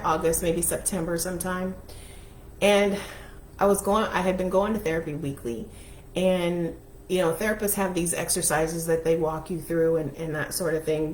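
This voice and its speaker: Woman coach, lowish voice, candid and emphatic storyteller; roomy room with faint background hiss. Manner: frank personal storytelling, emphatic. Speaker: life and money coach. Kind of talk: candid motivational talk. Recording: roomy echo with faint noise.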